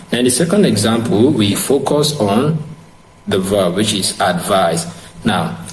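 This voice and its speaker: A man teaching an English grammar lesson online, slow and repetitive, spelling words out letter by letter. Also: fairly low pitch. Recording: echoey room with faint hiss.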